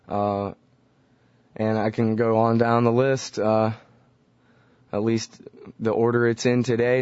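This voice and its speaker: A male radio host talks on his own in a slightly low voice, rambling loosely and stopping often on "uh". The sound is dry and close, with a dull, lo-fi radio quality. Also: a little mellow, no echo. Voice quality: loose and rambling, with frequent "uh" fillers. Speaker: radio talk show host. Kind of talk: casual radio talk, solo monologue. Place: radio studio. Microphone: studio microphone.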